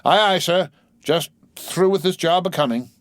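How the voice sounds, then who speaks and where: A man's voice: high-pitched, normal speed, no echo, clean studio sound, pitched above the performer's own voice, lightly acted. A man voicing a merry, tipsy male sailor who talks in a giddy sing-song. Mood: jaunty.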